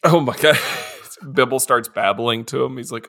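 A man co-hosting a podcast, joking loudly, laughing often and acting out silly voices. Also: medium pitch, normal speed, few pauses, husky. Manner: animated, laughs a lot, does silly voices. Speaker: podcast co-host. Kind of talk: casual comedic chat.

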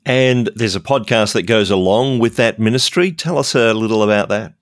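A man's voice: fairly low pitch, normal speed, dry recording, clean studio sound. A man interviewing a guest, asking brief, inviting questions.

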